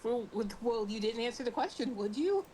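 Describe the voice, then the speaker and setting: A woman's voice: on the high side, lively intonation, fairly quick, dark tone, a little hiss or hum, low-quality recording. A woman playing a tabletop game, narrating her character's actions and laughing easily. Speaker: player. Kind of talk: casual tabletop game chat.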